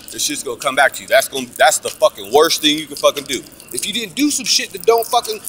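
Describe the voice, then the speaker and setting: Profane, animated man telling a story. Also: a little high, a little hiss or hum. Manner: animated, profane, preachy, acts out quotes. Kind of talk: casual storytelling vlog.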